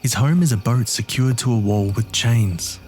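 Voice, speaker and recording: A man's voice: medium pitch, normal speed, a little mellow, soft background music. A man narrating a horror story in the first person with a gritty, streetwise delivery.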